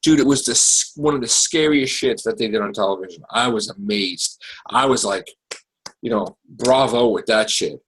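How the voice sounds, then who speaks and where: A man hosting a casual podcast chat, recapping TV shows in an excitable, profane, animated way. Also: lowish voice, moderate pace, poor audio. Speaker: podcast host.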